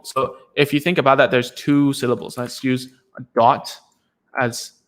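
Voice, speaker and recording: A man's voice: medium pitch, fairly bright tone. A man, a speech therapist, teaching in a casual live session, chatty and self-deprecating with many fillers and restarts.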